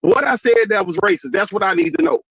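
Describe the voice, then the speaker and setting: A man with a notably high speaking voice argues in a heated online debate. He keeps demanding proof, repeating his point and peppering it with "bro". The recording is close and dry, with no room around him. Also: animated, fast, fairly bright tone, breathy edge, no echo, muffled recording. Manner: calls the other man "bro" often. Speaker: debate guest.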